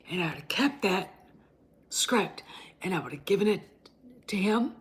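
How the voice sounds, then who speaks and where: A woman hosts her own show and delivers an opinion rant, blunt and combative, swearing frequently and restarting her sentences. Her voice is mid-range and a bit rough, spoken at normal speed with long pauses.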